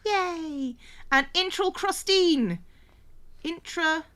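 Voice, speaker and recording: A woman's voice: very high voice, extremely slow, fairly bright tone. A woman co-hosting a craft livestream, chatting while she sews, often repeating words and thanking viewers by name. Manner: reads out viewer names and thanks them. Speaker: streamer co-host. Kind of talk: casual livestream chat.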